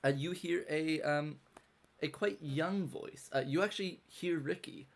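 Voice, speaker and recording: Halting man running a tabletop game. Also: a little high, gravelly. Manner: halting, filler-heavy narration. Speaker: game master. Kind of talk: narrating a tabletop game online. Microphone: video call.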